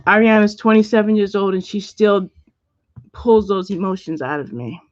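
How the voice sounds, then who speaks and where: A middle-aged woman hosting a casual livestream, chatting and reading viewer comments out loud at home. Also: mid-range voice, normal speed, no echo. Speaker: livestream host. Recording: dull lo-fi dry sound.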